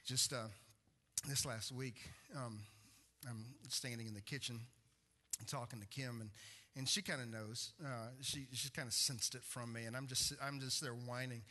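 A man's voice: medium pitch, steady tone, normal speed, sharp tone. A man, a pastor preaching a conversational sermon full of stories and restarts. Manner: conversational storytelling with repeated restarts.

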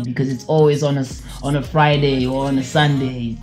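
A man's voice: mid-range voice, flat delivery, normal speed, few pauses, a little mellow, soft background music. Man telling a casual anecdote.

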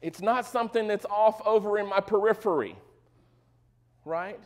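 A man with a high voice preaches to his congregation in an easy, conversational way. He mixes joking asides into the teaching and keeps checking that his listeners are following him. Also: moderate pace, darkish tone. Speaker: pastor. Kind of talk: sermon.

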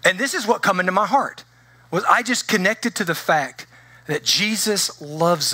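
A man preaching a conversational sermon to his congregation, animated and full of restarts. His voice sits a little high and rings bright and forceful. The sound is close and dry. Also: normal speed, dry recording. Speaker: pastor. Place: church sanctuary.

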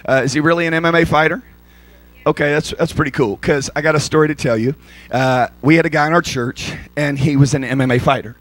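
A male pastor preaching an energetic, joking sermon at a church service. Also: on the high side, fast talker, no echo.

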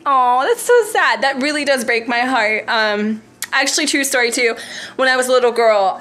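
A woman's voice: on the high side, pushed and bright. A woman vlogging at home with a handheld camera, chatting casually, giggling and rambling with lots of "like" and "I don't know". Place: at home, putting away groceries. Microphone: handheld vlog camera.

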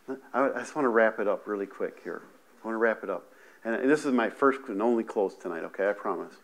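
A pastor with a lowish voice preaches quickly to a camera placed in front of him while he sits on a stool in a living room. He often restarts sentences and checks in with "amen" and "right."

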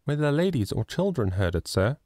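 A man voicing a poor, timid little flower girl who speaks softly and sorrowfully in an audiobook. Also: medium pitch, very animated, moderate pace, gravelly, no room sound, clean studio sound, pitched above the performer's own voice.

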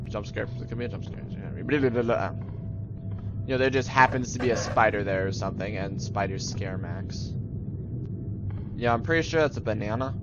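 A man's voice: fairly low pitch, a little fast, muffled recording. A young man giving rambling, jokey commentary while playing a horror game, slipping into playful silly voices. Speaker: gaming YouTuber. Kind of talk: casual let's-play commentary. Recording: music playing underneath.

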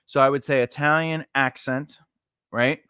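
A man's voice: medium pitch, steady tone, unhurried, sharp tone, clean tone, no echo, studio quality. A man teaching writing in a casual lesson, rambling through tangents with many fillers and restarts. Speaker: writing podcast host.

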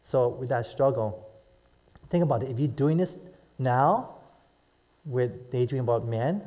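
A man's voice: mid-range voice, animated, measured pace, warm tone. A middle-aged male pastor preaching to a live congregation, telling stories animatedly and asking "right?" and "amen?" often. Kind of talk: sermon.

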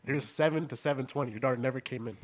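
A young man hosting a podcast, telling profane stories in a casual, animated way and often laughing as he talks. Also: mid-range voice, very fast. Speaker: podcast host. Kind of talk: casual storytelling.

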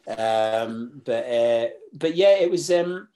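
A Scottish man talking as a podcast guest, halting and full of restarts, then bursting into animated, sweary asides. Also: medium pitch. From Scotland. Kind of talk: casual interview chat.

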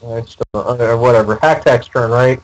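A man playing a tabletop game, chatting casually and quick to correct the others on the rules. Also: mid-range voice, muffled recording. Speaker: player.

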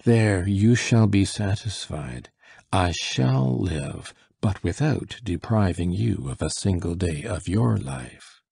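A dying old nobleman speaks in a deep, gravelly, raspy voice, read out by a male storyteller. He sounds weak yet commanding, pressing his words with slow insistence. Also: lively intonation, mellow, no room sound, studio quality, heavily acted. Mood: insistent.

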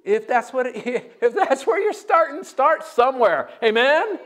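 A man preaching a sermon as pastor, energetic and joking, breaking into loud shouts. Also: very high-pitched, moderate pace.

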